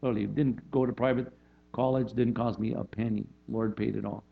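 A man's voice: lowish voice, steady tone, a little fast, gravelly, narrow, tinny audio. A man preaching a sermon as a pastor, in a conversational way, often checking in with "right?" and restarting his phrases.

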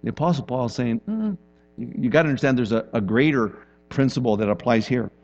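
A man preaching a sermon in a relaxed, conversational way. His pitch is mid-range, and his delivery turns animated when he acts out quotes. The sound is slightly dull and muffled. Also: fast talker, soft background music. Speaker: pastor.

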